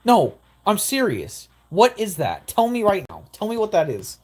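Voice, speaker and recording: Excitable young gaming commentator, man. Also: high-pitched, normal speed, few pauses, husky. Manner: excitable, rambling, exaggerated outbursts. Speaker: gaming YouTuber. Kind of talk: gameplay commentary.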